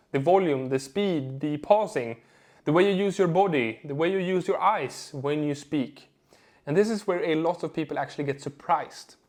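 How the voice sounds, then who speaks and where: Slightly high-voiced man coaching clearly. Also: darkish tone. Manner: measured, stressing words and pausing for effect. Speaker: communication coach. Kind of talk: instructional video talk to camera.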